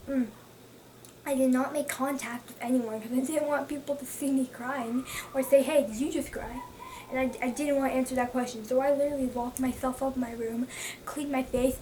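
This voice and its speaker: A woman's voice: sits high, darkish tone. A young woman chatting casually to camera as a book vlogger, gushing and repeating herself for emphasis. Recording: mic at a distance, faint background noise.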